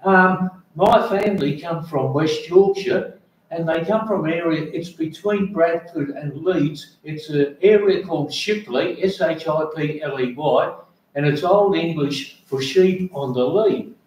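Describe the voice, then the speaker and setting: An older man with an Australian accent asking a speaker rambling, halting questions from an audience. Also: on the high side, a little mellow. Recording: echoey room from far off.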